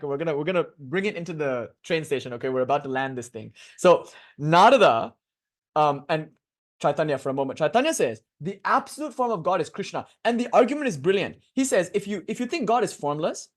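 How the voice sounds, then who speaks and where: A young man in his twenties lectures a class in a relaxed, joking way. His voice sits fairly high for a man, and he wanders into laughing asides before pulling back to the point. The delivery is lively and conversational. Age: 20s. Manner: lively, digressive, quick to laugh. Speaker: lecturer on bhakti philosophy.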